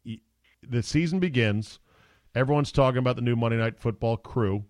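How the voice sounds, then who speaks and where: A middle-aged man hosts a casual sports talk show, blunt and full of opinions. His voice sits at an ordinary pitch. The sound is dry and close, with no room around it. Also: fairly quick, a little mellow, dry recording. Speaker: podcast host.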